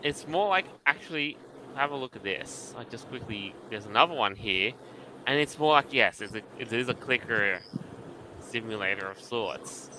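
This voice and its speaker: Bright-voiced man leading a podcast chat. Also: medium pitch, lively intonation, normal speed, slight background noise, poor audio. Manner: leads the topic, shows things on screen. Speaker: podcast co-host. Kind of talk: casual chat.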